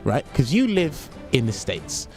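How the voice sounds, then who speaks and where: A British man doing esports commentary, bantering and teasing his co-hosts in an animated way. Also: mid-range voice, a little slow, faint music behind. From United Kingdom.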